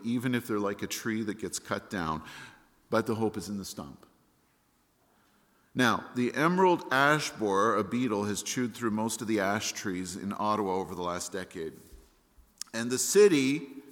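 A man's voice: fairly low pitch, fairly bright tone. A man preaching a sermon as pastor, explaining plainly and reading scripture aloud with rising force. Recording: long church-hall reverb.

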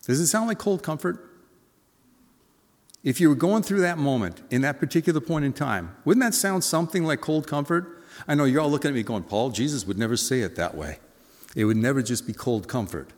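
A man's voice: fairly high pitch, expressive, fairly quick, darkish tone, in a large hall. A man preaching a sermon, asking his listeners questions and acting out the voices of the people in the story. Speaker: pastor.

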